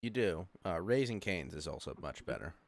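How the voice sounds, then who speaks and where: A man's voice: sits low, very animated, normal speed, creaky, dry recording, clean studio sound. A young man hosting a casual online talk show, laid-back and chuckling often. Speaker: podcast host. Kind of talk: casual chat.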